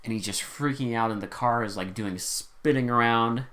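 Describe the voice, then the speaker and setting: Animated man recapping a movie. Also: medium pitch, moderate pace. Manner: animated, acts out characters' lines, swears. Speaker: podcast co-host. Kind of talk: casual movie recap chat.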